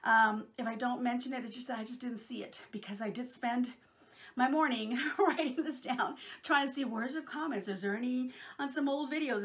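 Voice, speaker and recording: Middle-aged Texan woman, crafting vlogger; chatty, affectionate, fry in the voice. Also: a little high. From Texas, USA. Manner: chatty and affectionate, rambling with many fillers. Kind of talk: casual chat to viewers.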